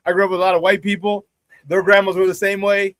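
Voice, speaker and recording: A man with a high-pitched voice hosts a loose sports talk stream, chatty and upbeat. He laughs often and repeats phrases for emphasis, and the sound is close and dry. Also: flat delivery, quick pace, a bit bright, dry recording. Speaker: sports talk show host. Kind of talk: casual live sports talk, reading viewer chat.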